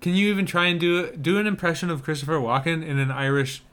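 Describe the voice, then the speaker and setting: A man's voice: on the high side, steady tone, quick pace, a bit bright, clean tone. A man co-hosting a casual podcast, chatting about movie trailers with wry, joking banter. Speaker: podcast co-host.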